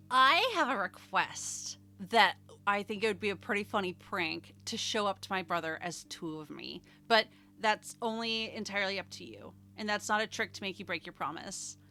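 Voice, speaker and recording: A woman player at a tabletop game, chatty and animated and quick to laugh. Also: medium pitch. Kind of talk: casual chat at a tabletop game. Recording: faint hum behind the mic.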